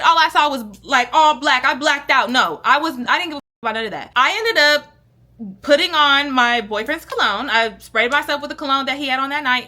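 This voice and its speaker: A young woman vlogger tells a story in a casual, animated way, full of slang and swearing, and she acts out what people said. Her voice sits high. It rings bright and sharp.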